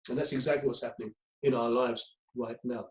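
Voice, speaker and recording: A man's voice: medium pitch, steady tone, fairly quick, roomy sound, poor audio. A man giving a conversational lecture on crisis management to a group, often repeating himself with many ums.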